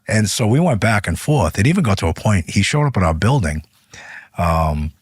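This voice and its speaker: A man, a union leader guest in an interview, telling stories in an animated way, his voice rising as he gets heated. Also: fairly low pitch, moderate pace, husky, no echo, clean studio sound. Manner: animated, voice rises when retelling arguments. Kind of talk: interview storytelling.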